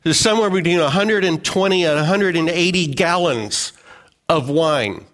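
Chatty preaching man with a higher voice. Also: normal speed, fairly bright tone. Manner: conversational, joking asides and acted-out quotes. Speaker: pastor. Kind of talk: sermon.

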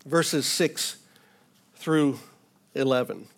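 A man's voice: medium pitch, extremely slow, gravelly, breathy edge. A man teaching through a Bible passage verse by verse in an informal, earnest way, with touches of light humor.

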